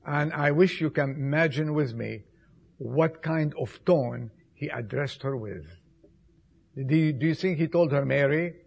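Slow gravelly-voiced male preacher. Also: a little high, muffled recording. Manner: dramatic swings from loud appeals to soft hushed tones; slow, emphatic delivery with repetitions. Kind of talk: Easter sermon.

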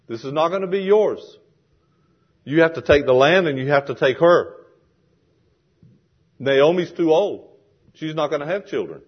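Preaching man, dull lo-fi recording. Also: on the high side. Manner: animated preaching, acting out quoted voices. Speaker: pastor. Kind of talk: sermon. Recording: dull lo-fi sound.

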